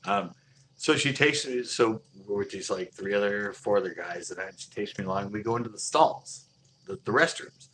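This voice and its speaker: A man's voice: lowish voice, moderate pace, a bit bright, a little hiss or hum. A man telling a long casual anecdote, rambling with many fillers and chuckling as he goes. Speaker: storyteller.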